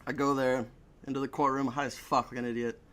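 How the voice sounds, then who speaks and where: A man's voice: medium pitch, little pitch movement, fast, a bit bright. A young man telling a story in a casual chat, swearing a lot and laughing between lines. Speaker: podcast guest.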